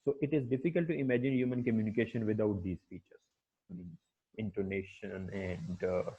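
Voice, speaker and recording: A man giving a lecture on language, speaking haltingly with many fillers and repeated words. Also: fairly low pitch, fairly even intonation, warm tone, husky. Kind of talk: classroom lecture. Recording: dull lo-fi recording.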